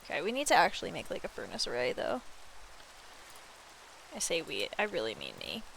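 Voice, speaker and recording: A woman streamer chatting casually while she plays a building game, telling stories with animated, excited quoted reactions and swearing freely. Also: low-pitched, fairly quick, creaky, a little hiss or hum. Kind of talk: casual chat while gaming.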